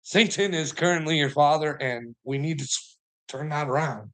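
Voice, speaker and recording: A man's voice: a little high, lively intonation, normal speed, fairly bright tone. A man rambling through a casual monologue, chuckling often between phrases, swearing freely and asking rhetorical questions. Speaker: channel host.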